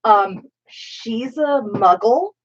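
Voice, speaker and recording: A woman's voice: a little high, expressive, very slow, slight background noise. Grainy-voiced woman rambling on a stream. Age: adult with children. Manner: rambling, joking, many fillers. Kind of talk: casual livestream chat while crafting. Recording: slightly muffled stream audio.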